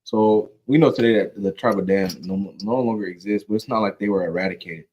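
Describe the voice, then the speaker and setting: A man with a fairly low voice leads a Bible study in a laid-back, slangy way. He jokes around and keeps checking that his listeners follow him. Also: a little fast, slightly rough, muffled recording. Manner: conversational, keeps saying "you know what I'm saying"; slangy and joking. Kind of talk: casual scripture teaching.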